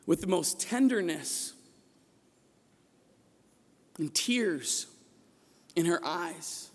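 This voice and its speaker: High, husky-voiced priest preaching. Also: male voice, lively intonation, very slow, long pauses. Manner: impassioned storytelling, rising to shouts at peaks. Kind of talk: sermon. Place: church. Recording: long echo of a large church.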